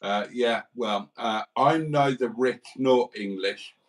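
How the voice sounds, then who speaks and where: A man from Wales with a posh Brummie accent, hosting a livestream in casual chat with dry, deadpan humor. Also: mid-range voice, takes it slowly. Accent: posh Brummie (Birmingham). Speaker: livestream host.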